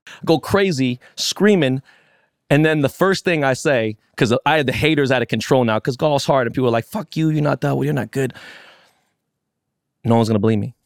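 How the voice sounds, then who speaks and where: A man co-hosting a podcast, telling a story with lots of swearing and excitement. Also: mid-range voice, brisk, smooth, dry recording, studio quality. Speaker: podcast co-host. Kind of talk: casual chat.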